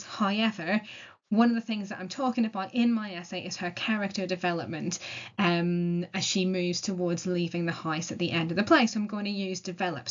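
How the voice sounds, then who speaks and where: A woman teaching an essay-writing lesson, explaining step by step in a clear, methodical and encouraging way. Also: lowish voice. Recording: dull lo-fi sound.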